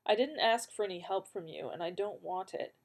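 A woman reading the part of a grim, guarded male immortal swordsman in an audiobook, speaking in tight, clipped, gruff lines. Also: mid-range voice, fairly quick, lightly acted. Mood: strained.

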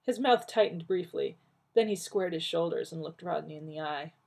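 A woman reading a story aloud in an expressive way, with a creaky, husky voice. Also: deep voice, moderate pace. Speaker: reader.

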